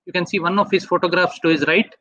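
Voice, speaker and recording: Bright-voiced man presenting slides. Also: sits high, fairly even intonation, dry recording. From India. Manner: measured, asks for next slide often. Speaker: webinar speaker. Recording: dull dry online audio.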